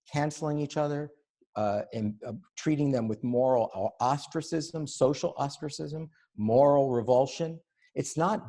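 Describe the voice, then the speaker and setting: Middle-aged guy doing an author talk, low mellow husky voice, sarcastic, chuckles a lot. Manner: emphatic, sarcastic, laughs between points. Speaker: author giving a book talk. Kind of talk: animated public talk.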